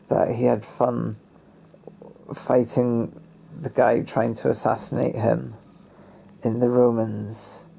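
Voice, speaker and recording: Man, fan commentator, playful, slow-paced, husky. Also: mid-range voice, mellow. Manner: playful, theorizing, acts out characters in quotes. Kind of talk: casual commentary on a TV episode.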